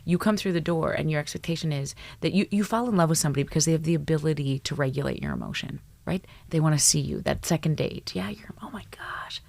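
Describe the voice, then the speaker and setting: Low, gravelly-voiced woman psychologist. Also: fast talker, hardly any pauses. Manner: animated, swears freely, acts out dialogue. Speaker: psychologist guest. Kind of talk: casual podcast conversation.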